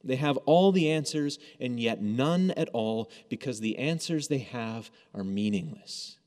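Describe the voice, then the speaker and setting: A man's voice: mid-range voice, measured pace, a little mellow. A man preaching a sermon in a conversational, storytelling way, acting out quoted lines as he goes. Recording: long hall reverb.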